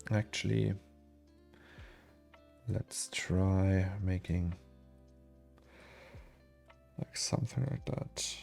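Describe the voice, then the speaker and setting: A man's voice: low-pitched, fairly even intonation, extremely slow, gravelly, pauses often, darkish tone. A young man, casually chatting to viewers and musing aloud to himself as he streams his 3D work from a home office. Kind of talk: casual live-stream chat while working. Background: faint lo-fi music.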